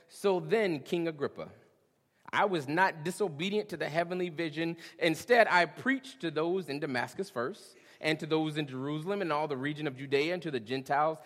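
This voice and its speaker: A male pastor preaching a sermon, swinging between hushed questions and booming emphasis, with a casual "y'all". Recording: long reverb of a large hall.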